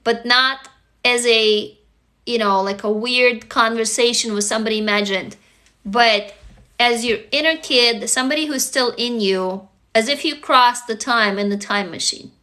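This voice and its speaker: A native Russian speaker from Russia, this woman is a livestream host and author who earnestly coaches viewers in casual talk, often checking whether they follow. Her voice is a little high, unhurried, pushed and bright, recorded on a phone.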